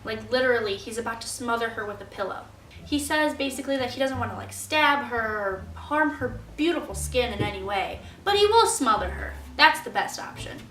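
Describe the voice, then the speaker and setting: A woman's voice: a little high, animated, fairly quick, a bit bright, recorded from a distance, slight background noise. A young woman student retelling a play's plot in a casual, chatty way, full of fillers. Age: young adult. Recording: roomy echo, faint music.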